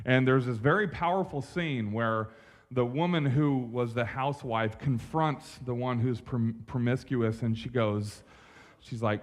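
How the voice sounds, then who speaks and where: Casual, animated young pastor preaching. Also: male voice, medium pitch, measured pace. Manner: conversational, animated, uses slang and asides. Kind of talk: sermon. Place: church stage.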